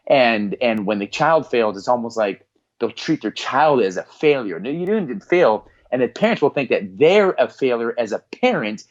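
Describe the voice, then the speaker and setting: Speaking at a normal speed in a mid-range voice, this middle-aged man is a performance psychologist appearing on a podcast interview. He's an earnest, lively storyteller who voices the characters in his anecdotes, captured on slightly dull lo-fi audio.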